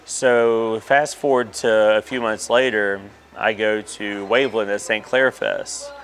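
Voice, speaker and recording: A man's voice: on the low side, fairly even intonation, unhurried, fairly bright tone. A man, candidly telling a personal story in an interview, with many fillers. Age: 30s.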